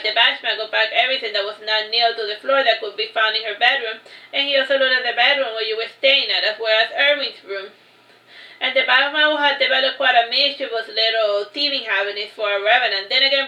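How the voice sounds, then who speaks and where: A woman's voice: on the high side, bright, forceful tone, muffled recording. A woman reading her own fantasy novel aloud, stumbling now and then and correcting herself. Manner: unpolished reading with self-corrections. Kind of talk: storybook reading. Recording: roomy echo.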